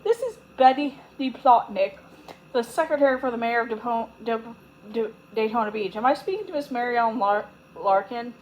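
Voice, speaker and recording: A woman reading a storybook aloud and voicing a formal woman secretary with a high, fluty voice who speaks slowly and precisely. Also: a little hiss or hum, lightly acted, low-quality recording. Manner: slow, precise and businesslike.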